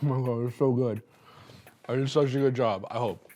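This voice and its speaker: A young man hosting a cooking show, rambling and joking excitedly as he cooks and tastes in a studio kitchen. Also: medium pitch, moderate pace, a little hiss or hum. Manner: hyped, rambling, joking, laughing between lines. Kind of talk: casual on-camera cooking chatter.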